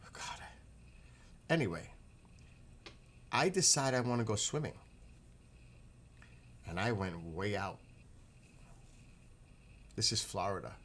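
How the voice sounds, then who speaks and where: A man's voice: lowish voice, slow, pauses often, a little hiss or hum. Rambling, swearing man telling stories. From northeastern US. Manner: rambling, profane, animated retelling. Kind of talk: casual storytelling monologue.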